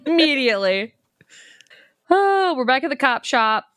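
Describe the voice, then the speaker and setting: This woman speaks in a high voice at an unhurried pace, recorded clean in a studio with no room sound. Co-hosting a podcast, she recaps a movie in casual chat, acting out the characters' lines and swearing freely.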